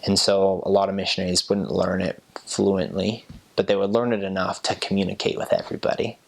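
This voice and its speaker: A young man, a former missionary, chatting in a relaxed way and explaining greetings with fillers and soft laughs. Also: deep voice, fairly quick, gravelly. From United States. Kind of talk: casual explanatory talk.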